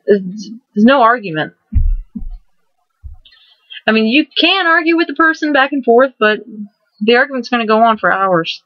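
A woman in her twenties hosting a casual vlog, rambling excitedly and restarting her words as she goes. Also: fairly high pitch, normal speed, pauses often, no room sound. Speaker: vlogger host. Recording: dull lo-fi dry recording.

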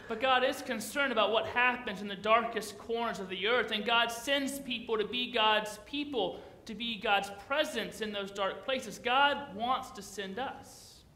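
A man's voice: high-pitched, measured pace, hardly any pauses, bright, forceful tone, reverberant. A man preaching a sermon as pastor, in a conversational, playful way, often putting questions to the congregation.

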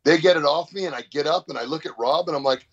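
Gravelly, profane man telling a story. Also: a little high, fast, a bit bright. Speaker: powerlifter guest. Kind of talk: casual storytelling interview. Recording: dull lo-fi sound.

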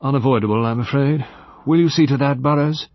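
A man voicing an elderly, soldierly gentleman who speaks in a firm, reassuring way. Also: medium pitch, a little fast, dry recording, highs cut off, pitched above the performer's own voice, natural voice.

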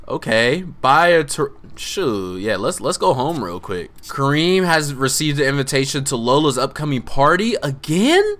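Lively, bright-voiced young male gamer. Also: mid-range voice, unhurried, soft background music. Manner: laid-back slangy talk, often says "man", excitable outbursts. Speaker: gaming channel host. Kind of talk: casual gameplay commentary.

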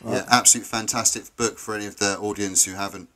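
A man's voice: fairly low pitch, fairly even intonation, quick pace, bright, forceful tone. A man interviewing a guest, asking long, chatty, leading questions.

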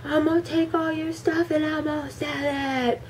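A woman voicing a furious father shouting threats at his daughter. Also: high voice, monotone, moderate pace, pitched above the performer's own voice, close to an everyday voice. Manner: yelling, threatening.

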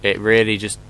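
A man's voice: fairly low pitch, creaky, pushed and bright, rough recording. Jumpy joking man playing a horror game. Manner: joking, swearing, jumpy exclamations. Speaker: gameplay commentator. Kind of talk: horror game let's play commentary.

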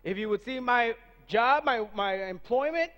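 A man's voice: extremely high pitch, lively intonation, fairly bright tone. A man interprets a sermon live, phrase by phrase, in a casual, conversational way. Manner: relays each phrase quickly, casual and conversational. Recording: reverberant dull sanctuary audio.

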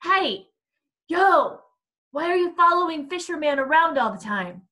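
A woman's voice: extremely high pitch, expressive, a little slow, pushed and bright, voice pushed up, full character voice. A woman reading aloud, voicing a mocking teenage boy bully in a storybook. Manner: mocking, jeering.

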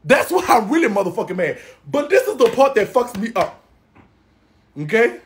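A man giving casual gossip commentary in a sassy, profane, dramatic way, with loud exclamations and laughing. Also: extremely high pitch, big pitch swings, normal speed, a little hiss or hum. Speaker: gossip vlogger.

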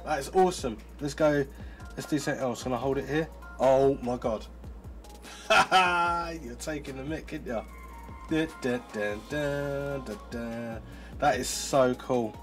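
A man's voice: mid-range voice, normal speed. Male tech reviewer, chatty, mid-range voice, easily amazed, faint background music. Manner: excitable, chatty, thinks aloud. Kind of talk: casual product demo.

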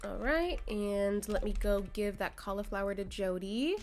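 Chatty young woman streamer, lively pitch. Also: moderate pace, few pauses. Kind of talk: casual gameplay chat. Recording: faint game music behind.

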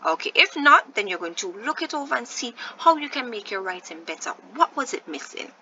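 A woman's voice: a little high, sing-song, brisk, bright, forceful tone, dull audio, slight background noise. A woman teaching a first-grade video lesson, patiently sounding out words syllable by syllable and encouraging her young viewers.

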